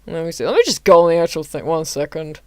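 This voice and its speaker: A woman's voice: low voice, lively intonation, fast talker, a little mellow, no room sound. A woman streaming a casual anime watchalong, chatting and giggling with her chat in rambling asides. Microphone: desk mic adjusted mid-stream.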